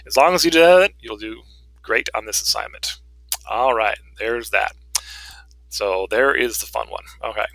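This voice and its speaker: Man, college instructor, bright, forceful voice, chatty lecture, frequent okays, close and dry. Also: medium pitch, dry recording, poor audio. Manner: conversational, frequent "okay" and "um" check-ins; chuckles and jokes lightly with students. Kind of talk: recorded online lecture walkthrough. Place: in Raleigh, North Carolina.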